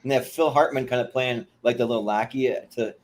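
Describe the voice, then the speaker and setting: Podcast co-host guy, mid pitch, casual, says like and yeah a lot, reads off his notes. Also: quick pace, slight background noise. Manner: hesitant, many "like" and "yeah", short agreeing replies. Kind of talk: casual chat.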